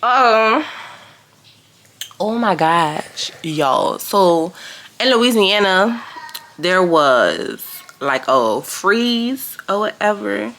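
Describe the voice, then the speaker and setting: A woman chatting excitedly to camera as a vlogger, gushing and repeating phrases. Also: mid-range voice, drawn-out words, a little hiss or hum. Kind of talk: casual vlog chat.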